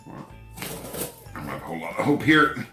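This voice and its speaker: Over background music in a reverberant space, a deep-voiced man speaks at normal speed with a sing-song lilt while reviewing a pocket knife for a casual vlog. Sniffling from a runny nose and repeatedly clearing his throat, he laughs at himself in a dry, easygoing way.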